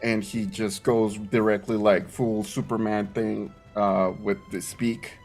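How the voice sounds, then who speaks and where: A man playing a tabletop game talks through his character's moves at a slow, unhurried pace. He is excitable and quick to swear. Faint music plays behind him. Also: on the low side. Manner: excitable, swearing, gets emotional. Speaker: player. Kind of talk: tabletop game play, describing actions.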